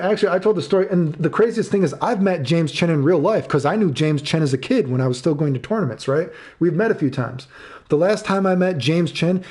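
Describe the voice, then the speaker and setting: A man's voice: on the high side, dark tone. A man in his thirties streaming live, ranting angrily and swearing, repeating himself and answering chat. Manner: angry, profane, repeats himself.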